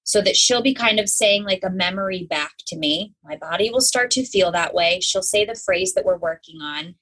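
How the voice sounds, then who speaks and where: A woman's voice: medium pitch, normal speed, slightly rough, rough recording. A young adult woman speaking as a podcast guest, telling her story openly and acting out her own inner voice. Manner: open and animated, acts out her own inner voice. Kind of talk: candid conversational storytelling.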